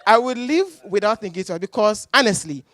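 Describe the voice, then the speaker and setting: A woman's voice: medium pitch, lively intonation, brisk, fairly bright tone, no echo. A young woman, arguing as a guest on a panel debate, emphatic and exasperated, firing rhetorical questions. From Ghana. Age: young adult.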